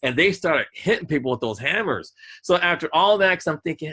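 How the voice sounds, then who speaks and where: Male podcast host, bright and forward tone, loose animated storytelling. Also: fairly high pitch, a little fast, slightly rough. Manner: rambling, animated, acts out voices in quotes. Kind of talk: casual storytelling.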